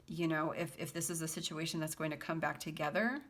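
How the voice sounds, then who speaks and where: Woman tarot reader, casual chat, giggly, lower register. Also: level tone, fairly quick. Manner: giggly, chatty, breaks into laughter often; reads song lyrics aloud in a half-sung lilt. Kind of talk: casual tarot reading to viewers.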